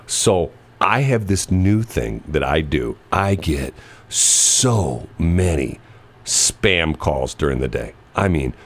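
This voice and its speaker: A man's voice: a bass voice, slow, husky. A man hosting a radio show, chatting casually and telling stories, acting out the voices of people in them. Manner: animated storyteller, mimics voices. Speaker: radio host.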